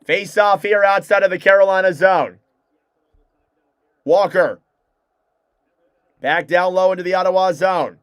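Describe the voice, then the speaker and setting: A young man with a high, clear, smooth voice calls hockey play-by-play at a quick clip. He sounds close and dry on the mic, with little room sound around him. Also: no echo. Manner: rapid play-by-play, excitable reactions. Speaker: fan play-by-play commentator. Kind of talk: live hockey play-by-play commentary.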